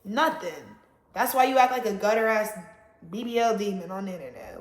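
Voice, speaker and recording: A woman with a fairly high voice rants bluntly at her viewers, profane and animated, punching her words. Her voice rings around an echoey room. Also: fairly quick. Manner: blunt, profane and animated, with frequent loud emphasis. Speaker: astrology vlogger. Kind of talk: casual ranting monologue.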